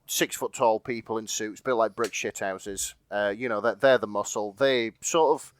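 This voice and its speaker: A man's voice: lowish voice, normal speed, smooth. A man co-hosting a podcast, chatting casually and laughing as he retells a fan fiction, swearing freely. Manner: laughing, swearing, rambling with fillers. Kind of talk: casual chat.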